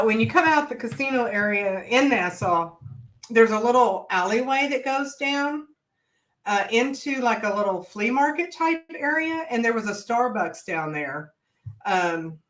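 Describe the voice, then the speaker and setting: Relaxed woman rambling through a story. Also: mid-range voice, low-quality recording. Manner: relaxed, rambling, loses her thread with fillers. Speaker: podcast co-host. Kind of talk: casual chat.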